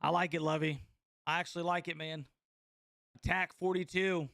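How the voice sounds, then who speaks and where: A young man from North Carolina hosting a live basketball watch party, reacting to the game in a casual, excitable way and reading viewer comments aloud. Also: fairly high pitch, normal speed, creaky, dry recording, clean studio sound. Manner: excitable, slangy, chatty, reads chat aloud. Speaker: sports watch-party host.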